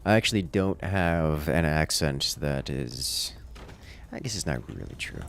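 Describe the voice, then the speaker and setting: Casually chatting while he plays, this American streamer with an urban accent teases and jokes with his viewers. He has a rumbling low, creaky voice with a fairly bright tone, sounding animated yet unhurried.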